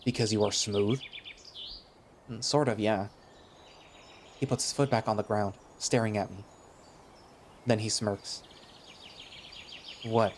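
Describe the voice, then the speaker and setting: Guy reading a visual novel out loud, first person, casual n chatty, lowish voice, faint noise behind. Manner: casual, chatty, hesitant in dialogue. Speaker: narrator.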